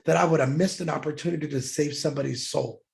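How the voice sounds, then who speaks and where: A man's voice: a little high, steady tone, fast, vocal fry, a little mellow. A middle-aged man, a podcast guest, telling a personal story in an earnest, heartfelt way, getting emotional as he speaks.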